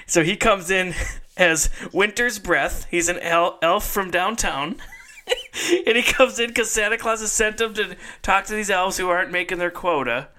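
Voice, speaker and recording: A man's voice: sits high, unhurried, sharp tone. A man hosting a podcast in casual chat, laughing often as he retells a comedy sketch. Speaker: podcast host.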